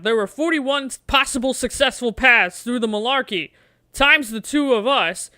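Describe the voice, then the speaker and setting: A woman's voice: a little high, sharp tone, no echo, studio quality. A woman streamer playing a gamebook on a livestream, chatting playfully and coaxing the dice.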